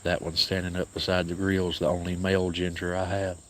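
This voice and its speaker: A man with an Appalachian accent, hosting a casual livestream outdoors and speaking softly to viewers by name. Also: sits low, monotone, brisk, slight background noise. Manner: soft-spoken, grieving, talks to viewers by name. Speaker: cat sanctuary livestream host.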